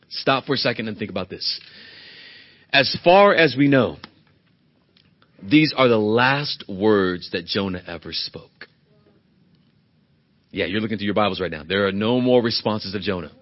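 A man's voice: lowish voice, lively intonation, moderate pace, pauses often, muffled recording. A male pastor preaching a sermon in an earnest, emphatic way, often asking the congregation rhetorical questions.

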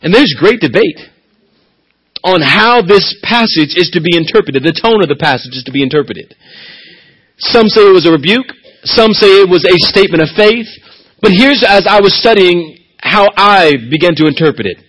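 Male pastor, husky and fairly high-pitched, dramatic sermon delivery with hushed drops. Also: expressive, normal speed, low-quality recording. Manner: dramatic preaching, dropping to near-whispers for emphasis.

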